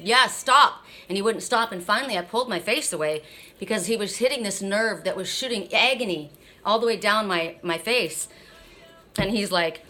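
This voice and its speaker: A middle-aged woman rants bluntly in a casual vlog, her voice bright and forceful. She talks with a numb mouth after dental surgery and swears freely. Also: medium pitch. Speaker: oracle card reader.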